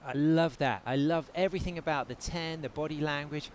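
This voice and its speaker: A man's voice: fairly high pitch, a little fast, a little hiss or hum. A man with an English accent doing live play-by-play commentary on a surfing contest. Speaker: surf commentator.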